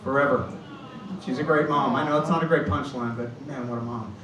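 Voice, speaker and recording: Middle-aged comic on an echoey stage. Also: male voice, medium pitch, a little fast, noisy background. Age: 50s. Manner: storytelling, acts out quoted voices. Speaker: stand-up comedian. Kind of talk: stand-up set. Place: comedy club stage. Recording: echoey club from far off, loud ambience.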